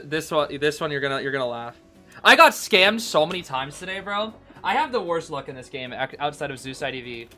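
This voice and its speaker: An excitable man recaps his gameplay for a live chat, stumbling over repeated words and tossing in "bro" constantly. His voice sits a little high and sounds bright and forceful. Faint music plays quietly behind him. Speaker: game streamer.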